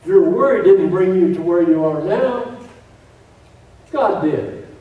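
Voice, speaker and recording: A man's voice: sits high, animated, takes it slowly, phone-quality sound. A man preaching a sermon, emphatic, repeating key phrases with joking asides. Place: church sanctuary. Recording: echoey church room, distant mic.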